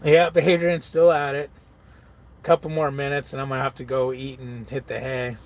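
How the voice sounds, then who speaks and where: A man's voice: medium pitch, little pitch movement, normal speed. A truck-driving man in casual live-stream chat, laid-back, laughing often and reading viewer comments aloud. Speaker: truck driver vlogger.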